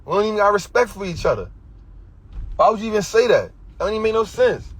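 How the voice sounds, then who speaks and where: Husky high-voiced atlanta dude preaching money lessons on a live, slangy, keeps repeating himself. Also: male voice, expressive, quick pace. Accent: Atlanta Black American English. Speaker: finance educator. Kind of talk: livestream talk.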